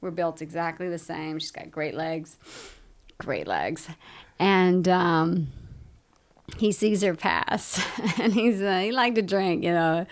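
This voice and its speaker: A woman from Louisiana, a guest actress and producer, telling lively, chatty stories with frequent laughter in a casual interview. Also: on the low side, slow pace. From Louisiana, United States.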